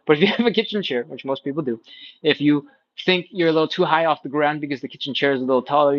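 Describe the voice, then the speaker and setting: A man's voice: medium pitch, dull audio. A man leading a live stretching workout, explaining each step in an encouraging, playful way. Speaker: stretching instructor.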